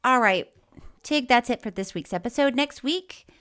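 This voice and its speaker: A woman's voice: fairly high pitch, expressive, moderate pace, fairly bright tone. A woman co-hosting a podcast in casual chat, reading listener mail in a playful, giggly way. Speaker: podcast co-host.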